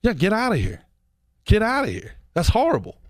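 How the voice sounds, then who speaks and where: A man hosting a podcast, ranting comedically with profanity and quick mock voices. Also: high voice, dry recording. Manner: animated, profane, jumps between impressions and mock voices. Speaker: podcast host. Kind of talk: comedic rant.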